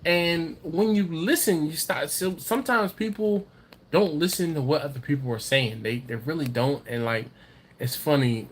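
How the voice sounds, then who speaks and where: A man's voice: fairly high pitch, normal speed, slight background noise. A man hosting a casual live stream, reading viewer comments aloud in a rambling, chatty way, often laughing and repeating his words. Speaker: livestream host reading viewer chat.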